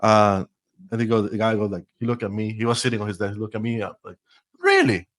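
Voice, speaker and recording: A Costa Rican man in his forties, a podcast guest, tells stories in English with a Costa Rican Spanish accent. His voice is lowish and he talks fast, staying lively and laughing while often restarting sentences. There's no room sound in the storytelling interview.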